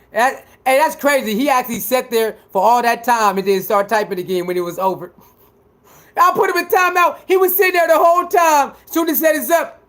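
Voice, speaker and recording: A man doing casual livestream commentary, talking back to his viewers in an animated, emphatic way. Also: very high-pitched, fairly quick. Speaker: livestreamer reacting to chat.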